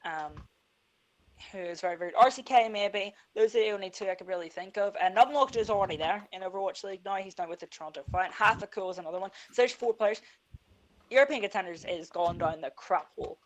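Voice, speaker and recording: A woman's voice: mid-range voice, fast talker, low-quality recording. A woman co-hosting a casual esports podcast, frank and opinionated. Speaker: podcast co-host.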